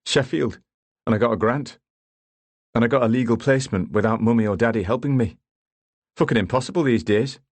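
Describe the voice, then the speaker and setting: A man's voice: medium pitch, fast talker, no echo, pitched above the performer's own voice, close to an everyday voice. A man voicing a tired, curt male lawyer in an audiobook. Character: tired gruff male lawyer, prickly and drinking.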